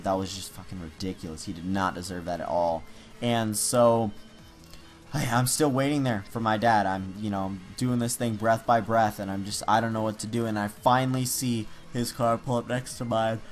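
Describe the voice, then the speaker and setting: Teen guy, mid-pitched voice, breathless rambling storytelling, faint music behind. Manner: rambling, breathless retelling full of fillers. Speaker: YouTuber. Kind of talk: casual storytelling.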